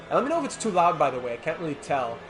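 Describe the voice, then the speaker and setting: Racing over music, a man with a fairly high voice and big pitch swings streams a hockey video game. He delivers mock sportscaster play-by-play and chats with viewers between plays.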